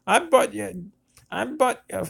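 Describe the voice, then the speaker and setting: A woman's voice: lively intonation, unhurried, vocal fry, slightly rough, full character voice. A man voicing a scornful, intoxicated woman who taunts and repeats herself. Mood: mocking. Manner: taunting, repetitive, high-pitched mimicry. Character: scornful drunk woman bragging about paying.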